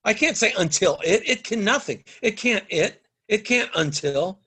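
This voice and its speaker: A man's voice: high voice, animated, moderate pace, pushed and bright, slightly rough. A man, a podcast guest, talking in a casual conversational way, emphatic and repetitive as he builds his argument step by step.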